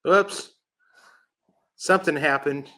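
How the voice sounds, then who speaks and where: A man's voice: fairly high pitch, takes it slowly, bright, forceful tone. A man hosting a casual interview, joking and laughing easily. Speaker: host. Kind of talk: casual chat.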